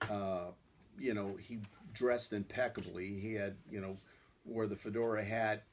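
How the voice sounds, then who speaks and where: A man's voice: lowish voice, fairly even intonation, a little slow. A man who is a guest musician, telling stories in a rambling way, full of "you know" fillers. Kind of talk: conversational storytelling.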